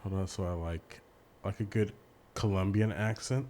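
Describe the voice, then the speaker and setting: Lower-voiced man rambling on a podcast. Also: fairly even intonation, darkish tone, a little hiss or hum. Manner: rambling, giggly, halting. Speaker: podcast co-host. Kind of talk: casual chat.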